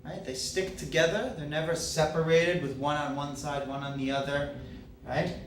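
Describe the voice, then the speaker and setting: A man's voice: a little high, steady tone, normal speed, a little hiss or hum. A man teaching Spanish grammar, explaining step by step and checking in with okay and right. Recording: echoey classroom, mic at a distance.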